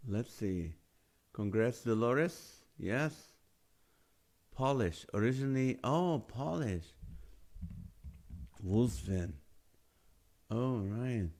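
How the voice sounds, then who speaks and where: Slow-talking man hosting a live stream. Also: medium pitch, lively intonation, a little mellow. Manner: reads names and guesses aloud, laughs often. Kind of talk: casual live-stream chat, reading viewer comments.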